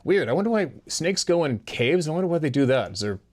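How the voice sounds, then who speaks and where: A man with a slightly high, fast voice that swings widely in pitch hosts a show, reading out listener stories. He rambles through odd personal tales in a casual storytelling style, chuckling as he talks to his audience.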